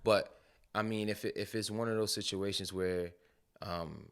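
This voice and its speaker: A young man co-hosting a podcast in casual chat, laid-back and slangy, chiming in with quick agreement. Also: on the low side, fairly even intonation, clear, resonant tone. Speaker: podcast co-host.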